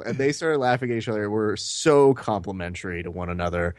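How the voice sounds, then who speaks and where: A man co-hosting a podcast, telling animated stories and swearing casually. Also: lowish voice, a little fast, hardly any pauses, no echo, clean studio sound. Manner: animated storyteller, acts out quotes, swears. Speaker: podcast co-host.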